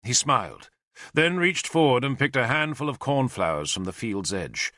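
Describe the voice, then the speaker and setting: A man's mid-range voice carries this scripted audiobook narration, delivered expressively at an ordinary pace. The studio sound is clean and the recording dry.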